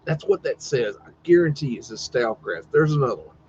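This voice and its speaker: A man's voice: on the high side, expressive, fast, darkish tone, lo-fi sound, a little hiss or hum. A man hosting a casual live stream, commenting on old photos in a rambling, profane, wondering way. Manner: rambling, profane, wondering aloud, teasing his dog.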